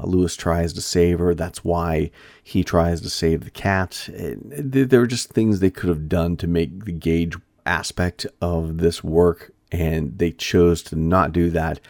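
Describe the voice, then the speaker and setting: A man hosting a podcast, talking casually in a rambling monologue with frequent pauses and restarts. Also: sits low, creaky, darkish tone, dry recording, studio quality. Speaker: shop owner and podcast host.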